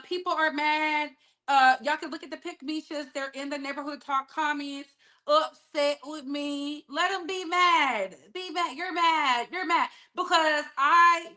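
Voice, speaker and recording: A sassy, blunt woman hosts a live-stream gossip show and speaks straight to her chat. Her voice sits high and sounds bright and forceful. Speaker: online commentary host.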